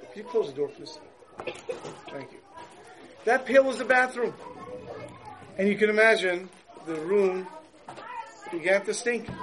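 A man, a religious teacher, telling a story and explaining its lesson in a lively, storytelling sermon. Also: high voice, a little hiss or hum, rough recording.

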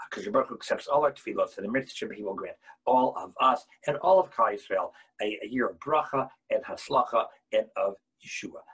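A man teaching a Torah lesson as a rabbi, impassioned, swinging between quiet explanation and loud bursts. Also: mid-range voice, breathy edge, low-quality recording.

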